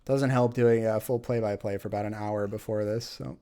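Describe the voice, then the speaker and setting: A male game streamer with a lowish voice that is wearing thin from hours of talking. He chats loosely and rambles with many fillers while he plays and reads viewer messages. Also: steady tone, a little fast, warm tone, clear, resonant tone. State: losing his voice. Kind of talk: casual live-stream chat while playing.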